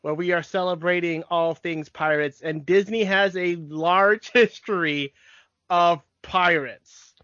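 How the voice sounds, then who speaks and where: Man, podcast co-host, casual rambling chat, higher pitch, dull muffled recording. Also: steady tone, takes it slowly, fairly bright tone, clear, resonant tone, dry recording. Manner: rambling, restarts sentences often. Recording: dry, dull lo-fi podcast mic.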